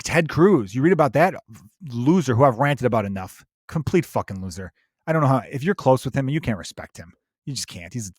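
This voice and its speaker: A man from Chicago hosting a comedy podcast, ranting in a profane, animated way and slipping into mocking voices. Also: medium pitch, dry recording, clean studio sound. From Chicago, USA. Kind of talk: solo comedic rant.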